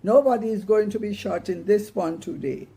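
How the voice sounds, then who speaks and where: A woman's voice: mid-range voice, moderate pace, husky, voice pushed up. Woman playing a firm, alarmed mother. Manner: shouting, firm. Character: alarmed mother stopping children's game.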